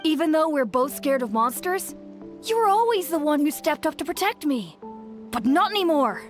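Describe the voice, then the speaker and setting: A woman's voice: sits high, big pitch swings, normal speed. A woman voicing a young, loyal game companion who talks in an eager, determined way. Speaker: game character. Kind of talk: voiced game dialogue. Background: faint game music.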